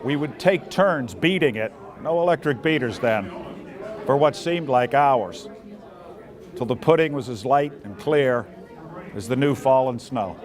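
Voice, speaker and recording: A man's voice: medium pitch, unhurried. A man reading a personal memoir aloud in a fond, reminiscing storytelling manner. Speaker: memoir reader.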